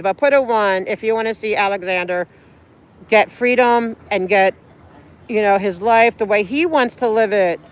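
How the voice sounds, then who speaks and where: A woman livestreaming outdoors on a city street, talking in an earnest, pleading, rambling way. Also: medium pitch. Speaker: livestreaming auditor.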